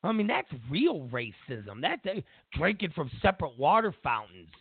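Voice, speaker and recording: A man hosting a show, giving an opinionated political commentary as a mocking, animated rant. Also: a little high, normal speed, slightly rough, no room sound. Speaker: show host. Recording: tinny phone-like dry audio.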